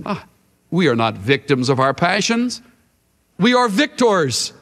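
A man delivering a sermon to a congregation, slow and deliberate with a voice that swings widely up and down for emphasis. His words ring out in a large hall with a long echo behind them. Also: a little high, big pitch swings, a bit bright. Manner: emphatic, dramatic shifts of emphasis. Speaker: Bible teacher.

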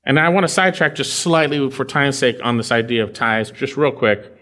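A man's voice: mid-range voice, a little fast, sharp tone. A man preaching a verse-by-verse Bible sermon in a conversational way, repeating phrases and checking in with his listeners.

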